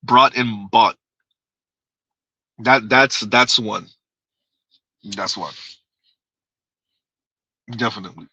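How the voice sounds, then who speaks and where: A man's voice: on the low side, very slow, long pauses, pushed and bright, breathy edge, no room sound, low-quality recording. A man casually chatting on a livestream, reading viewers' comments aloud, rambling and repeating himself with frequent laughs. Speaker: livestream host.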